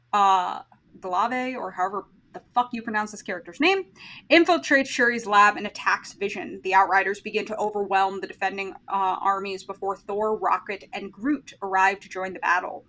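A woman's voice: mid-range voice, sharp tone, low-quality recording. A woman hosting a podcast, recapping a film in casual chat, blunt and opinionated and swearing freely. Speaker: podcast host.

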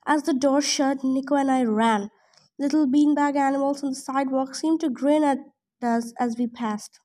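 A woman reading a novel aloud in first person, steady, with the odd slip she corrects. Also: high-pitched. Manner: steady first-person narration with small slips. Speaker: audiobook reader.

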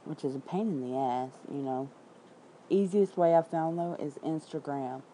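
A low, very dark and mellow-voiced woman from Memphis speaks with a Southern accent. She chats loosely and bluntly to her viewers, tossing in curses and quick asides between the headlines she reads out. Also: a little hiss or hum, low-quality recording. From Memphis, Tennessee. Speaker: independent writer streaming to viewers. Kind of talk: casual livestream chat.

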